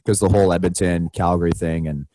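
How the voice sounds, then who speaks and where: Animated man telling a story, dry close mic. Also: fast, dry recording. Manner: animated, swings his pitch widely when retelling; swears casually. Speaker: podcast co-host and hockey broadcaster. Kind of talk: casual storytelling chat.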